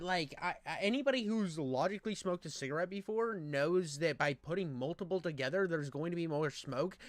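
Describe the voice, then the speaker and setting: A man's voice: fairly high pitch, fairly bright tone, dry recording. Mocking young man with a dry voice. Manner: mocking, profane, bro-speak. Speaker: reaction commentator. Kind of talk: crude reaction commentary.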